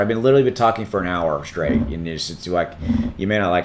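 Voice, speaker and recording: A man hosting a casual crypto livestream, rambling and thinking aloud while he looks things up, his voice starting to go hoarse. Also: low voice, expressive, brisk. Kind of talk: casual live-stream chat.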